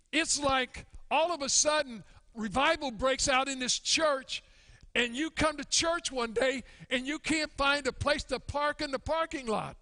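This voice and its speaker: A man preaching a sermon as pastor, acting out grumbling churchgoers in an animated way. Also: very high-pitched. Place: church sanctuary. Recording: long church hall reverb.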